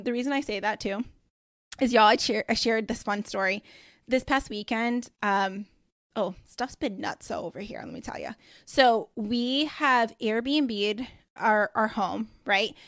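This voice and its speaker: A woman's voice: medium pitch, fairly bright tone, dry recording, clean studio sound. A woman, hosting her own podcast in a bubbly, gushing chat full of "like" and "you know". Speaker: podcast host. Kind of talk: casual solo podcast chat.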